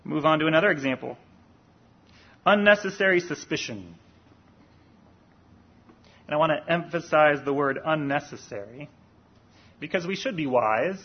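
A man delivers a sermon in a fairly high, husky voice. He speaks earnestly and deliberately and lifts his voice to stress key points. The recording sounds dull and lo-fi. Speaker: preacher.

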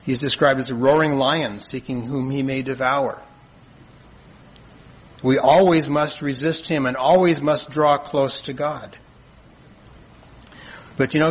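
Husky man preaching a measured sermon. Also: medium pitch, steady tone, poor audio. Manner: earnest, measured preaching with rhetorical questions. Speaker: pastor.

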